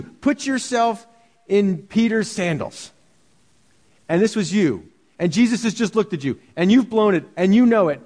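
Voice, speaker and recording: A man's voice: high voice, a little mellow, big-room sound. A man preaching a sermon as pastor, earnest and full of rhetorical questions.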